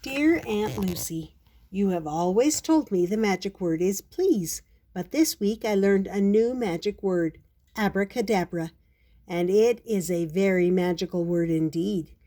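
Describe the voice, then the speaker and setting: Grandma reading a picture book. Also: female voice, mid-range voice, measured pace, warm tone. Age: older. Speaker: storyteller.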